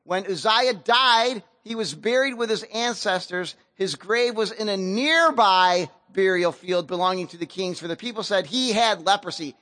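A man's voice: high voice, moderate pace, few pauses, pushed and bright, dry recording. A man pastor preaching a sermon in a casual, slangy storytelling way.

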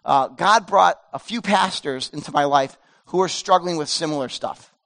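A man in his fifties preaching a casual, earnest sermon as pastor, swinging between loud pleading and hushed softness. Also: on the high side, moderate pace. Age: 50s.

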